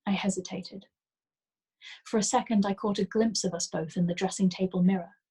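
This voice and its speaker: Soft-voiced woman reading a novel aloud. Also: mid-range voice, steady tone, quick pace, husky, poor audio. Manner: soft, gentle reading with hushed whispered lines. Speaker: storyteller.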